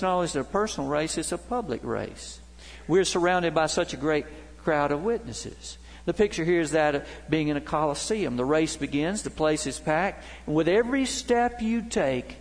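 A man's voice: fairly high pitch, expressive, normal speed, vocal fry. A middle-aged male pastor preaching a sermon, telling stories as his voice rises and drops. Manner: storytelling preacher, voice rising and dropping. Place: church sanctuary. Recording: long reverb of a big hall.

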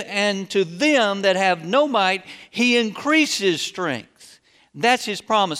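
A man preaching a sermon and telling a story, slow and dramatic, swinging from loud outbursts to hushed tones. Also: fairly high pitch, clean tone, in a large hall.

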